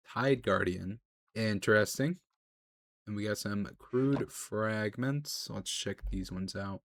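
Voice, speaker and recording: A young man giving casual running commentary while playing a video game, chatty and quick to shout in panic during fights. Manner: chatty, excitable, jumps into high-pitched panic during fights. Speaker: gaming video creator. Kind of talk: live gameplay commentary.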